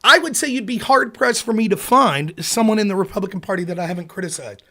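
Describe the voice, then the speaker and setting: Man, high voice, forceful and bright, sarcastic angry political rant, swearing freely. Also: fast talker. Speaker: political commentary host. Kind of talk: ranting political commentary.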